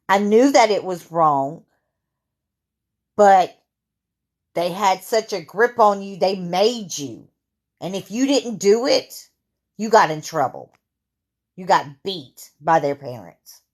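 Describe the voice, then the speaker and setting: Slow, low-voiced woman in her fifties. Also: animated. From Louisiana. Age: 50s. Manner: halting, with many fillers and restarts. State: sore throat, clearing it. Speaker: vlogger. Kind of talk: candid storytelling to camera.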